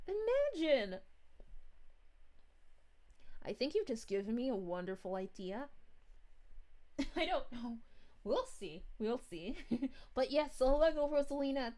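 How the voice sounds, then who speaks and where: Woman voicing Princess Daisy, bubbly and high. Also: dark tone. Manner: bubbly, giggly, drawn-out "ooh"s. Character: bubbly cheerful young princess, sweet and giggly. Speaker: VTuber streamer. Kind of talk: live stream chat reading in character.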